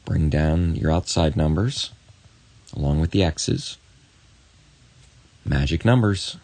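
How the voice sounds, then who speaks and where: A man teaching a math lesson on video, encouraging and talking straight to the student with quick asides. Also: very deep voice, lively intonation, dark tone.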